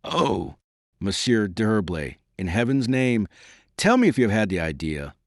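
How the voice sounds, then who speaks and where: A man's voice: lowish voice, very animated, unhurried, no echo, clean studio sound. A man voicing a shaken royal superintendent who speaks in urgent, alarmed protest. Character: agitated male royal superintendent, middle-aged, shaken.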